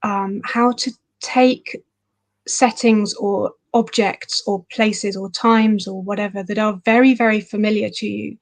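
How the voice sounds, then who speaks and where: A woman author answering questions in a livestream interview, thoughtful and rambling with fillers. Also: mid-range voice. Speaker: author guest.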